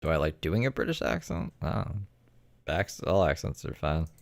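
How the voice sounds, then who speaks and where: Very deep-voiced teasing man. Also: sing-song, moderate pace, gravelly, no echo. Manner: teasing, crude, wandering musings. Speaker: co-host reading chat. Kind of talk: offhand side comments.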